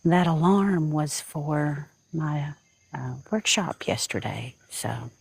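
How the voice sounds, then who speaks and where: A woman's voice: low-pitched, lively intonation, slow, vocal fry, breathy edge, no room sound. A woman chatting casually on a livestream from a porch at dawn, making brief offhand remarks.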